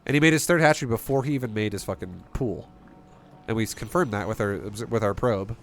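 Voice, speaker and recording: A man's voice: fairly low pitch, fast, soft background music. A man streaming and coaching a strategy game, talking bluntly and emphatically, swearing freely and firing off rhetorical questions.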